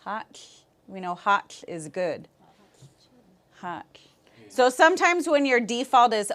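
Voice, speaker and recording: A woman teaching a language class, patiently modeling words and repeating them slowly for her students. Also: fairly high pitch, big pitch swings, a bit bright.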